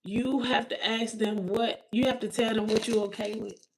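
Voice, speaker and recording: A woman's voice: fairly high pitch, fairly even intonation, normal speed, noisy background. Emotional woman tarot reader on a livestream. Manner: emotional, repeats herself, addresses viewers as girl; spiritual, ends with a prayer. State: close to tears. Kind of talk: emotional live-stream chat.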